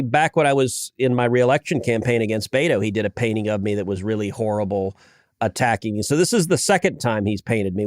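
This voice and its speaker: A man's voice: lowish voice, no echo. Dry-sounding man in his fifties, chatty. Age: 50s. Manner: animated storytelling, frequent restarts. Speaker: senator, podcast guest. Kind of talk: podcast conversation.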